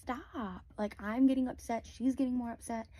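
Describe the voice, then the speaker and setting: Young woman with a mellow, dry voice. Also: fairly high pitch, fairly even intonation, fast talker, no echo. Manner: rambling, lots of "like" fillers. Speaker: storyteller. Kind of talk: casual spoken storytime.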